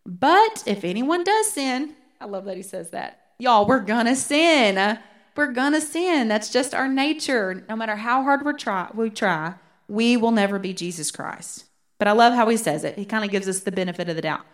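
Earnest woman teaching scripture. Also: medium pitch. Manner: earnest, rereads verses slowly for emphasis. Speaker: Bible study teacher. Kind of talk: teaching a Bible study.

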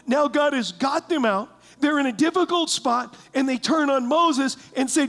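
A pastor preaching a sermon, reading scripture aloud and asking the congregation questions in an animated way. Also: male voice, extremely high pitch, measured pace, hardly any pauses. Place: church sanctuary.

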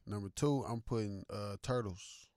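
A man from Mississippi with a Southern accent, co-hosting a casual podcast chat, loud and animated, often talking over the others. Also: lowish voice, moderate pace, dry recording, studio quality. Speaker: podcast co-host.

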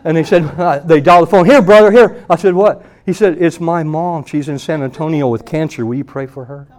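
A man preaching at a church meeting, telling a story and acting out the voices of the people in it with loud bursts. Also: on the high side, fairly quick. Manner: animated, acts out quoted voices loudly. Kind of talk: sermon with storytelling.

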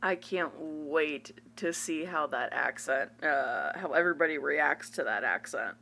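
A woman's voice: low voice, measured pace, gravelly. A young woman co-hosting a podcast, swearing freely and laughing through casual stories. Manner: swears freely, lively anecdotes, laughs a lot. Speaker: podcast co-host. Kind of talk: casual chat.

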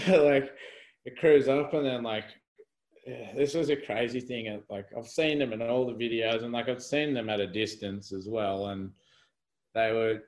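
A man's voice: mid-range voice, moderate pace, darkish tone, rough recording. A young man telling a story as a podcast guest over a video call, rambling with lots of fillers and laughs. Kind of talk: casual storytelling in conversation.

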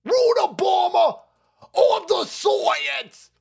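A man's voice: very high voice, expressive, extremely slow, vocal fry, darkish tone, shouting, voice pushed up, heavily acted. A man putting on a mocking impression of a boastful elderly male official who shrieks about his own greatness. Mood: shrill boasting.

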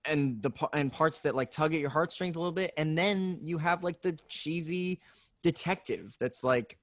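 A man co-hosting a casual podcast chat, relaxed and agreeable, often pausing on "uh" and "um". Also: on the high side, no room sound. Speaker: podcast co-host.

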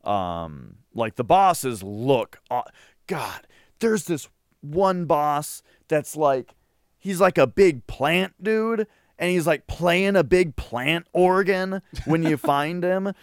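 A man in a casual podcast chat who rambles excitedly, with lots of fillers and restarts. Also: on the high side, slow, clean tone, dry recording, clean studio sound. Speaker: podcast co-host.

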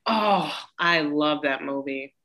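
A woman's voice: sits low, takes it slowly, fairly bright tone. A woman co-hosting a podcast in casual, playful chat, laughing often. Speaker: podcast co-host.

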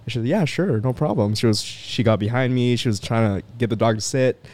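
A man's voice: mid-range voice, fairly even intonation, fast, a little mellow. Laid-back man chatting on a podcast. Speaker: podcast co-host. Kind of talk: casual podcast chat.

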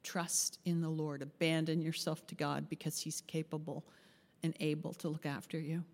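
A woman's voice: low voice, flat delivery, moderate pace, darkish tone. A woman pastor giving a chatty, interactive sermon and asking the group questions. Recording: long hall reverb.

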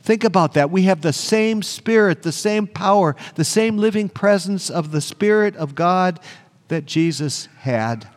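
A man's voice: high voice, lively intonation, a little slow. A male pastor preaching a sermon, earnest and emphatic, repeating phrases for weight. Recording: long church reverb.

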